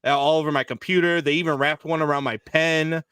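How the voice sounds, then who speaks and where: A man co-hosting a live sports talk show, telling stories in a lively, filler-heavy way. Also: fairly high pitch, quick pace, clean tone, no room sound, clean studio sound. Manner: animated storyteller, many fillers. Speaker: podcast co-host. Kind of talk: casual live sports chat.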